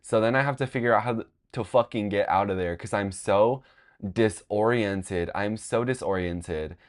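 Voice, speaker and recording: A man's voice: on the low side, fast talker. A young man from Long Beach, California, telling a personal story in a casual, rambling way, with many fillers and frequent swearing. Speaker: podcast host.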